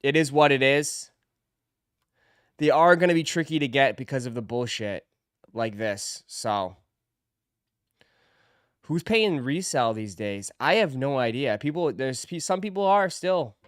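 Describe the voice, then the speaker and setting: A man's voice: mid-range voice, animated, unhurried, long pauses, clean tone, no room sound, clean studio sound. Laid-back slangy man chatting to viewers. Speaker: sneaker live stream host. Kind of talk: casual live stream chat.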